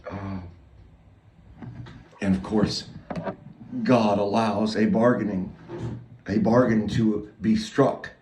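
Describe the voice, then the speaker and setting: A man preaching a loose, rambling sermon, moving between quiet, halting prayer and loud, excited retelling. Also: lowish voice, roomy sound, distant mic, slight background noise, rough recording.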